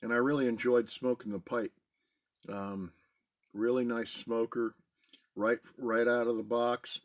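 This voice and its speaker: A middle-aged man chatting casually in a relaxed, rambling way from a basement den at home. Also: mid-range voice, unhurried. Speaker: pipe-smoking video host. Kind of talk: casual pipe-smoking chat.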